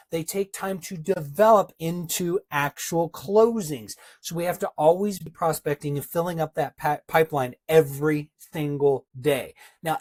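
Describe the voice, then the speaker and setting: Husky, emphatic man coaching. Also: fairly high pitch, a little mellow. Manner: emphatic and punchy, hammering repeated phrases; addresses listeners directly as a team. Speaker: business coach. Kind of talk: motivational talk.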